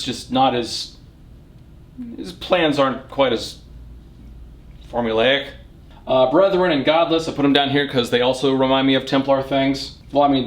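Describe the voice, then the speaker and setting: A man hosting a casual, rambling book tour from his home reading nook, with wry joking asides. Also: a little high. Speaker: book channel host. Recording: echoey room.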